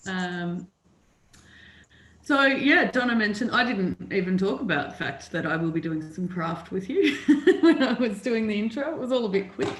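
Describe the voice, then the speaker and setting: A woman's voice: mid-range voice, lively intonation, normal speed. A woman on the library staff presenting a story-time session, talking casually and hesitantly with fillers and small laughs. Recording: roomy echo.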